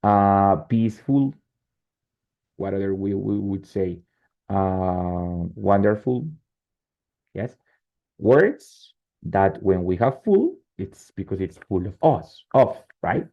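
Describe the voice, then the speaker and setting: A male English teacher with a Spanish accent speaks slowly in a deep voice with lively intonation, teaching word suffixes in an online class. He often asks "right?" or "no?" and switches into Spanish, all through muffled, lo-fi call audio.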